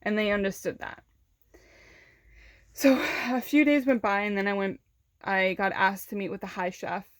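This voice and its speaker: A woman's voice: mid-range voice, steady tone, moderate pace, pauses often, dry recording, studio quality. A young woman vlogger candidly recounting a personal story in casual speech, with many fillers and restarts. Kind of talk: storytime vlog.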